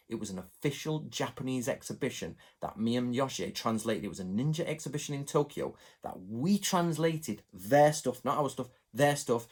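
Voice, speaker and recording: A man from England chatting to his viewers in a rambling, animated way, going off on asides. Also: medium pitch, slightly rough. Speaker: channel host. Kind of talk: casual chat to camera.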